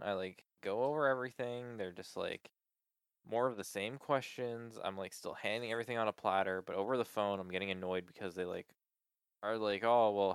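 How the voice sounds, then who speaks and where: A man's voice: low-pitched, gravelly, clean tone, no room sound, studio quality. A man in casual chat, venting with exasperation about a support call, swearing often and filling with "like".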